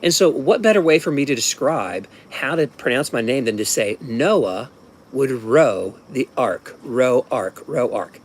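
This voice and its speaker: A man's voice: mid-range voice, big pitch swings, measured pace. Rambling man in his fifties. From Ohio, USA. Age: 50s. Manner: rambling, with frequent restarts and asides. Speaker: storyteller. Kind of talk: casual personal storytelling.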